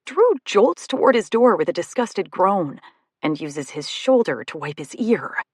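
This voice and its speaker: A woman reading a first-person romantic comedy audiobook, expressive and comic in the dialogue. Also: medium pitch, unhurried, slightly rough, no echo, clean studio sound. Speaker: audiobook narrator.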